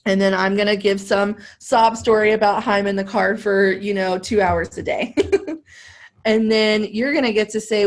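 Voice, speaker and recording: A woman's voice: medium pitch, steady tone, normal speed. A woman sales trainer coaching a live role-play webinar, upbeat and laughing often as she acts out both sides of a call.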